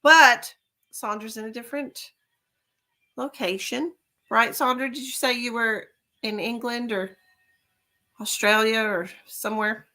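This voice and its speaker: A woman's voice: fairly high pitch, steady tone, a little slow, long pauses, pushed and bright. A woman giving live-stream tarot readings, chatting with viewers and calling them honey and darling. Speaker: tarot reader.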